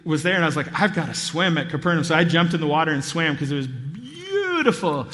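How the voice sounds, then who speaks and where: A man giving a sermon as a pastor, telling stories in a lively way and acting out voices. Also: on the high side, brisk, in a large hall. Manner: animated storytelling, acts out voices. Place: church hall.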